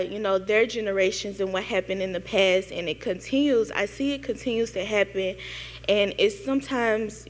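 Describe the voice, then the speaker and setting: A young woman in the audience asking a long, halting question, full of fillers and near tears. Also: medium pitch, in a large hall. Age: young adult. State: tearful. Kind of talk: emotional question at a panel event.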